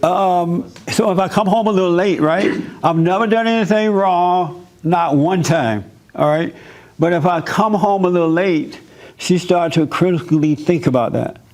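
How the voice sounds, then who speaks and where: Man, pastor, casual sermon, joking, conversational, fairly high voice. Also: normal speed, darkish tone. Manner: conversational, joking, repeats himself.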